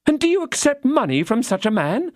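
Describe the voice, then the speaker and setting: A man's voice: very high-pitched, sing-song, brisk, a little mellow, no echo, clean studio sound, pitched above the performer's own voice. A man playing Madame Bonancieux, fierce young wife. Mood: accusing. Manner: indignant, cutting. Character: young woman, fierce, scornful, loyal to her queen.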